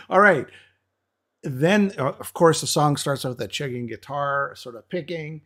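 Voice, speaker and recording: A man's voice: fairly high pitch, lively intonation, measured pace, a bit bright. A man co-hosting a metal music show who eagerly breaks down a song's guitar and vocals, stammering at times. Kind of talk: casual music review chat.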